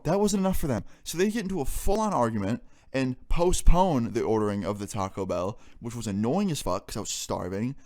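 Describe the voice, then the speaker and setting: A man's voice: mid-range voice, darkish tone. A young man telling a story in a casual storytime vlog, exasperated and swearing freely as he goes. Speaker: vlogger.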